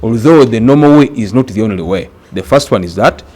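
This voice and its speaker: A man from Uganda teaching an exam-prep grammar lesson, speaking deliberately and repeating words for emphasis. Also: fairly low pitch, animated, dark tone.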